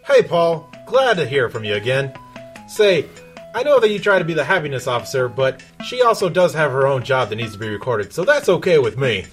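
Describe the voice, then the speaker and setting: A man's voice: mid-range voice, very animated, brisk, a bit bright, faint music behind, voice pushed up. A man voicing a cheery, all-seeing male computer overlord in a tabletop game, speaking in a chirpy, overly friendly way. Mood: chummy.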